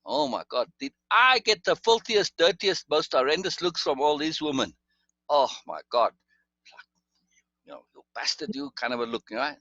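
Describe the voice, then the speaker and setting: A man's voice: a little high, animated, moderate pace, sharp tone, no room sound, dull audio. A man telling a long personal story in casual conversation, rambling with restarts and asides. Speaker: guest storyteller.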